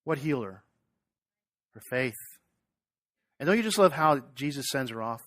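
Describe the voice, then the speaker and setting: A man's voice: mid-range voice, moderate pace, pauses often, dry recording. A man preaching a sermon, retelling a story in a conversational way and asking the congregation questions. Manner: animated retelling with acted quotes. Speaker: pastor.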